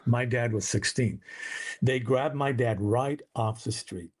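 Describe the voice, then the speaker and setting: A man's voice: mid-range voice, unhurried. A man, a guest author, telling a family story in a podcast interview, acting out the quoted voices.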